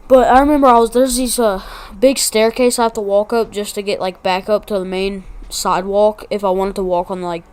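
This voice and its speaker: A woman's voice: mid-range voice, steady tone, a little fast, few pauses, darkish tone, clean tone. A woman vlogger telling a casual story, rambling and slangy with lots of asides.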